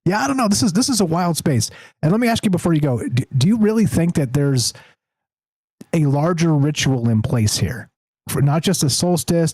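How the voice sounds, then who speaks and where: Mellow-voiced man hosting a call-in show. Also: medium pitch, dry recording, poor audio. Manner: rambling, self-interrupting, wry. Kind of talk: casual talk-radio conversation.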